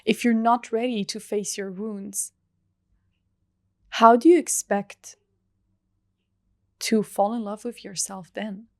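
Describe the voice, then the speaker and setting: A young woman hosting a reflective solo podcast, talking softly and earnestly with long pauses. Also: medium pitch, fairly even intonation, gravelly, dry recording, studio quality. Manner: soft, earnest, heartfelt, with drawn-out pauses. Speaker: podcast host.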